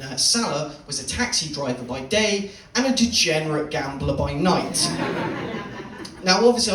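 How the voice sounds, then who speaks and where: A young man performing a stand-up set in a comedy club, telling a swearing, deadpan story and teasing the crowd. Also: a little high, slight background noise. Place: comedy club stage, live audience. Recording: roomy club sound from a distance.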